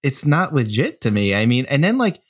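A man's voice: medium pitch, sing-song, fairly quick, breathy edge. A man, the host, chatting casually with jokes and blunt, crude asides. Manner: joking,喜 reacts with laughs and crude asides. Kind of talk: casual chat.

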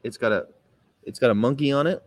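Speaking at a quick pace on a dry recording, the Chicago vegan activist livestreamer rambles casually, laughs a great deal and reads things out loud, switching to a mock-sweet high voice for quoted politeness.

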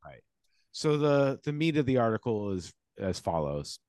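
A man's voice: mid-range voice, sing-song, moderate pace, a little mellow, no echo. A man with a Boston accent co-hosting a podcast, reading a news article aloud and breaking into impassioned, profane commentary. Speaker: podcast co-host.

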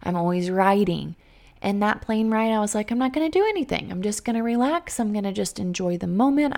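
A woman's voice: fairly low pitch, vocal fry, mellow. A woman coach in her thirties speaks with earnest emphasis. She addresses her listeners directly in a faith-based motivational talk.

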